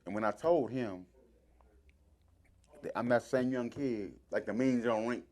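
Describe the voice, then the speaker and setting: A man with a D.C. tells a story in loose, casual talk. His voice sits at an ordinary middle pitch. He keeps acting out the lines of the people in his tale, lifting his voice for each one. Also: unhurried. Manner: animated, acts out voices in his stories.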